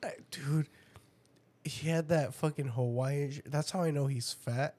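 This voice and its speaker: A man's voice: fairly high pitch, moderate pace, darkish tone. A man telling profane stories in casual chat, laughing often.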